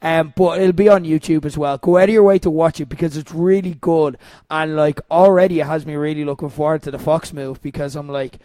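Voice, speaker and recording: A man's voice: on the high side, steady tone, a little fast, dark tone, dry recording. A man hosting a casual wrestling podcast, rambling with lots of fillers and the odd swear. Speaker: podcast host.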